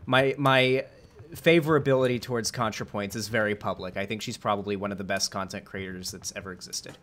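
A man's voice: on the low side, fairly even intonation, a little fast, fairly bright tone. Rambling man hosting a casual debate. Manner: rambling, many fillers, restarts. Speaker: host.

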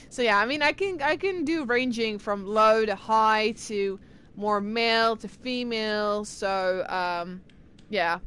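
A woman streamer chatting casually with her live viewers, excitable and talkative as she answers chat. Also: mid-range voice, slow pace, slight background noise. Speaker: game streamer.

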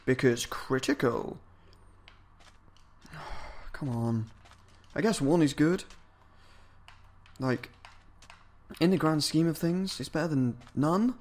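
A man's voice: on the high side, slow, long pauses. Foul-mouthed man narrating his gameplay. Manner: swears a lot, mutters and yells at game enemies. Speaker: video game let's-player. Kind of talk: casual gameplay commentary.

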